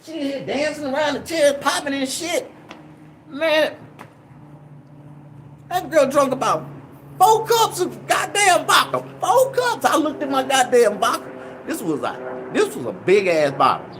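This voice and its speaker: A young man casually telling a rambling, profane story in an animated way. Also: very high voice, a little slow, a little hiss or hum. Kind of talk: casual anecdote.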